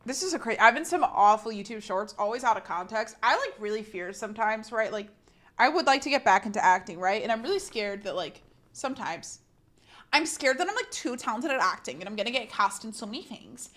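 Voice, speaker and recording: A woman's voice: fairly high pitch, expressive, a little fast, fairly bright tone. A young woman streamer chatting casually with viewers, rambling and self-mocking with frequent laughter.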